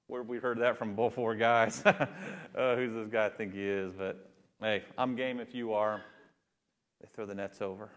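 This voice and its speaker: A male pastor delivering a sermon, telling a story with animated delivery and building to fervent emphasis. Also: on the low side, moderate pace.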